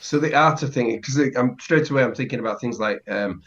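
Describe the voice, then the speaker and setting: A man's voice: medium pitch, fairly quick, a bit bright, lo-fi sound. A man co-hosting a casual podcast lesson as the learner, curious and hesitant, often restarting sentences. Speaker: co-host and learner.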